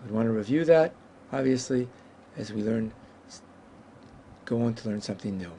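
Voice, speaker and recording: A man teaching a Hebrew lesson at a whiteboard, explaining patiently and saying each Hebrew word slowly and carefully. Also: medium pitch, expressive, dark tone, a little hiss or hum.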